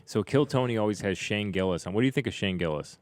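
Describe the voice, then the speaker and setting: A man's voice: fairly low pitch, animated, fast talker. A man on a podcast, steering the chat with questions and short interjections.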